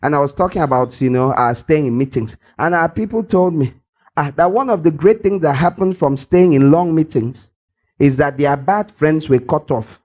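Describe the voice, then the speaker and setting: An older man preaching a lively sermon, teasing his listeners and acting out little scenes as he goes. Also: on the high side, normal speed, highs cut off. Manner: playful and teasing, acts out scenes, laughs often. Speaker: pastor. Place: church hall.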